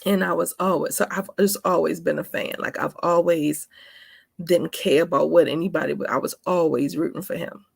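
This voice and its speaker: A woman's voice: fairly low pitch, fairly even intonation, normal speed, gravelly, breathy edge, no echo, studio quality. A woman in her forties telling a personal story in a casual vlog, chatty and emphatic, calling her viewers honey and baby. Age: 40s. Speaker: vlogger.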